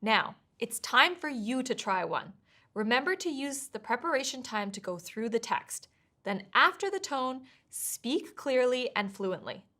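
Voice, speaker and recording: A woman with a fairly high voice gives scripted test prep lessons. She speaks in a clear, measured, encouraging way, walking through each tip step by step. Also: big pitch swings, pushed and bright. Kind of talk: scripted instructional narration.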